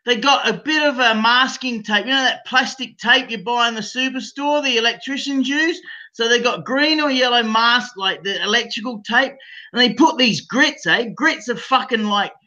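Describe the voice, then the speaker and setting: A man's voice: very high voice, normal speed, pushed and bright, lo-fi sound. An Australian man on a call, rambling in crude casual banter, profane and rowdy, forever saying mate. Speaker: call-in guest.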